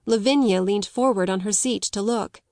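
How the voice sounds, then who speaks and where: A woman's voice: mid-range voice, darkish tone, no echo. Woman narrating a classic novel, dry sound. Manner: measured storytelling. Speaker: audiobook narrator. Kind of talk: scripted narration.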